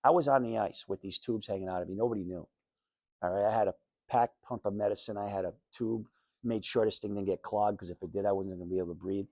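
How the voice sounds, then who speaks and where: Male guest speaker at a school, lowish voice, candid storytelling, dry close sound. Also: fast talker, a little mellow, no echo. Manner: candid storytelling, plain and conversational. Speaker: guest speaker telling his life story. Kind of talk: personal talk to high school students. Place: school classroom.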